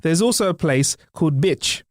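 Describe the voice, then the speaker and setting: Brief: young man, comedy podcast host, animated trivia reader, dry sound. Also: on the high side, normal speed, no room sound. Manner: playful, reads out trivia, laughs. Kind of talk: casual comedy chat.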